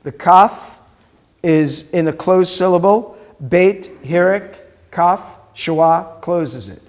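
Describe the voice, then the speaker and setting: A man with a fairly high voice leads a Hebrew class at an unhurried pace. He is a rabbi who drills vocabulary and walks students through pronunciation one step at a time. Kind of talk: classroom teaching.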